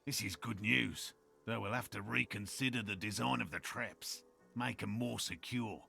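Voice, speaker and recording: A man's voice: on the low side, fairly even intonation, moderate pace, sharp tone, heavily acted. An actor playing an earnest, eccentric male cryptozoologist in a game, who speaks formally and a little wryly. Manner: formal, gravelly, wry. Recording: game audio with music behind.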